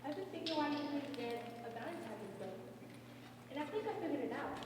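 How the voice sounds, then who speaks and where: A woman's voice: high voice, expressive, brisk, background noise. A woman playing a grumpy, bossy little girl in a stage musical, talking in a blunt, cranky way. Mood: smug. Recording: echoey hall from far off.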